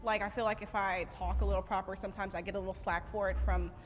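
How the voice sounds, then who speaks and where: A woman's voice: mid-range voice, little pitch movement, fast, long reverb tail, slight background noise. A woman in a panel discussion, talking in a casual, chatty way. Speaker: panel participant.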